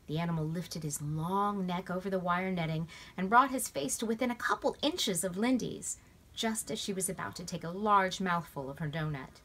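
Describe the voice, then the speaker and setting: A woman reading a children's novel aloud at home, in a lively, expressive way. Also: fairly low pitch. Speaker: storybook reader. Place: at home in bed.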